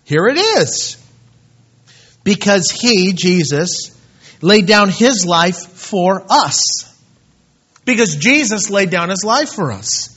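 A male pastor delivers a sermon in a fairly high voice, dropping to soft asides and then rising into loud, emphatic bursts. The recording is dull and lo-fi. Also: very animated, takes it slowly, pauses often, slightly rough.

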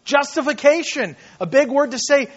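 A man preaching a sermon as pastor, impassioned, dropping to hushed tones and rising to loud emphasis. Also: very high-pitched, expressive, moderate pace, dull audio.

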